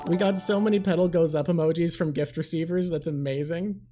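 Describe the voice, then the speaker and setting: A woman hosting a live stream in casual chat, excitable, swearing, and talking in rushed bursts while thanking viewers. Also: low voice, a little hiss or hum. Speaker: livestream host.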